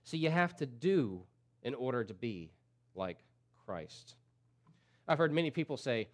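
A man preaching a sermon as pastor, repeating key phrases and swinging from loud emphatic peaks to low, quiet drops. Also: sing-song, a little slow, pauses often.

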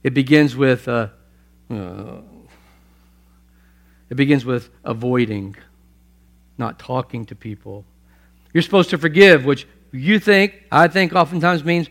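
A man preaching a sermon, emphatic, swinging between loud stresses and hushed asides and repeating phrases for weight. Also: medium pitch, a little slow, pauses often. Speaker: pastor.

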